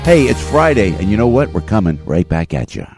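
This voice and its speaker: An older man hosting a talk radio show, chatting and doing a live ad read in a lively, jokey way that swings between loud and soft. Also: fairly low pitch, a little fast, creaky, over music. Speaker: radio host. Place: radio studio. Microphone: studio microphone.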